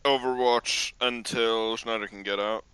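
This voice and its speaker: A man's voice: mid-range voice, steady tone, measured pace, pushed and bright, smooth, dry recording, low-quality recording. A man playing a tabletop game, bluntly stating his plan. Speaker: player. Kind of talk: casual gaming chat.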